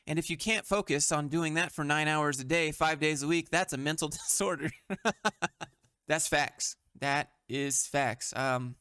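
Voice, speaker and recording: Man, blunt and mocking commentary host, slightly high voice, dry close-mic sound. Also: a little slow, sharp tone, clean tone, dry recording. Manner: blunt and mocking, with frequent swearing. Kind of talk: sarcastic meme commentary.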